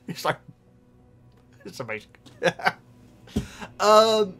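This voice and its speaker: A man's voice: fairly high pitch, animated, measured pace, long pauses, a bit bright, clean tone. A young man with a slight Bristolian accent, talking casually and at length to his viewers, often breaking into laughter. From Oxfordshire, England. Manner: chatty, rambling, often laughing, addresses the viewers as guys. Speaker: book vlogger. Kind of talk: casual chat.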